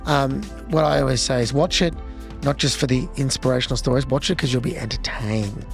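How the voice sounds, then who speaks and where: Fast-talking Australian man, joking banter. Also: mid-range voice, gravelly, faint music behind. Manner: joking, self-mocking. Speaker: podcast co-host. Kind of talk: casual podcast banter.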